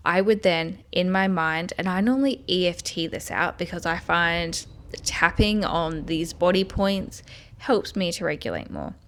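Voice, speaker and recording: A woman giving a self-help video lesson, earnestly guiding the listener step by step and speaking affirmations aloud. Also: lowish voice. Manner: speaks tapping affirmations aloud in first person.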